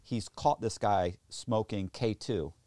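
A man with a fairly low voice tells a long, profane story as a podcast guest. He is animated and throws in impressions, going up to high squeaks and down to low mumbles. The close mic sound is dry, with no room around it. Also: takes it slowly, no room sound. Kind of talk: storytelling in casual chat.

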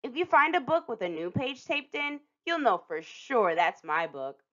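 A woman reading a picture book aloud to children as a storytime host, expressive and lingering on some phrases with dramatic pauses. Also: on the high side. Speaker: storytime reader. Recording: dull lo-fi recording.

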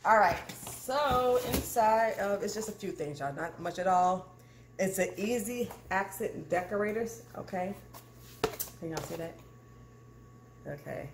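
A woman chatting casually to her viewers while unboxing in her home kitchen, animated and calling them "y'all". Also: mid-range voice, a little slow. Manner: animated, addresses viewers as "y'all", frequent "okay?". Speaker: cooking channel vlogger. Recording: echoey kitchen with clear background noise.

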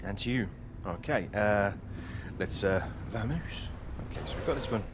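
A man's voice: on the low side, expressive, moderate pace, noisy background. A man commenting casually on a game as he plays, swearing and laughing often. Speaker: gaming streamer. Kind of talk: casual let's-play commentary.

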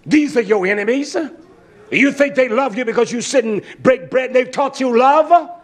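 High-voiced, fiery male preacher. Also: normal speed. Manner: combative, swears, repeats for emphasis; often shouts, with many "uh" fillers. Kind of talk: fiery sermon.

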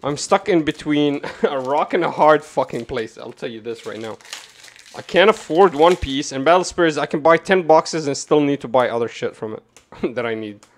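A man giving casual, rambling commentary to his chat while opening card boxes, swearing and jumping from calm talk to loud rants. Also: on the high side, moderate pace. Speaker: card game streamer.

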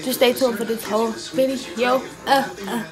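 A woman's voice: fairly high pitch, steady tone, moderate pace, over music. A young woman, chatting casually to her viewers in a get-ready-with-me vlog from her bedroom, recorded on a phone. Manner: chatty, slangy, talks straight to viewers. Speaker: vlogger. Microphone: phone camera.

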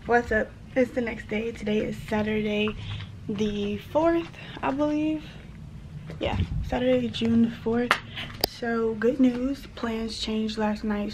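A woman in her twenties chatting casually to the camera in a vlog, relaxed and full of fillers. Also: on the high side. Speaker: vlogger. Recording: slightly dull sound with steady background noise.

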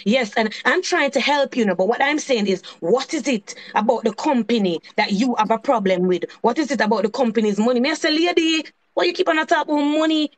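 A woman's voice: on the high side, a little fast, hardly any pauses. A woman with a Jamaican accent telling a heated, repetitive story on a live stream, swearing in patois as she vents about a falling-out. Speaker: channel host.

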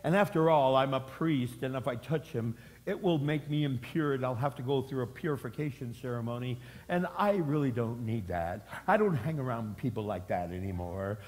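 A preacher voicing a haughty priest who sneers in a self-righteous way. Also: male voice, mid-range voice, moderate pace, hardly any pauses, a little mellow, voice pushed down, natural voice. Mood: disdainful. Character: haughty, disdainful male priest. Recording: long hall reverb.

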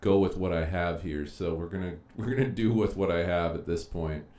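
Clicking through his files and thinking out loud, a man chats his way through a casual live-streamed lesson. He has a deep, warm voice at a moderate pace, recorded in an echoey room with faint noise.

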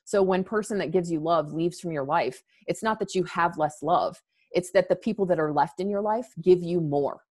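On the low side, husky and darkish at normal speed, this woman in her thirties talks frankly as a podcast guest. She's emotional and almost crying, earnest and emphatic, with many restarted sentences.

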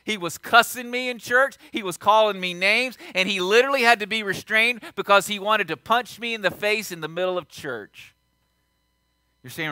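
Emphatic pastor preaching. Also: male voice, sits high, normal speed, no echo. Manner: emphatic, repeats lines for stress, swings from quiet to shouting. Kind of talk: sermon.

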